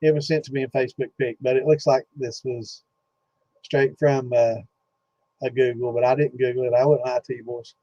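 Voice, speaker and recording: A man's voice: mid-range voice, flat delivery, brisk, dark tone. A man hosting a distilling Q&A chat, telling a rambling story full of cursing and fillers, with a slightly dull lo-fi sound. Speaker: host of a distilling Q&A livestream.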